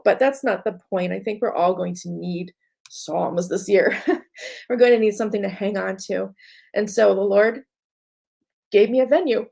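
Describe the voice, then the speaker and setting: A woman's voice: mid-range voice, fairly even intonation, moderate pace, creaky, a little mellow. A middle-aged woman artist chatting casually about her painting plans, heartfelt and tired, with many fillers. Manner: heartfelt, rambling with frequent fillers. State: tired and emotional. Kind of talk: casual chat to camera.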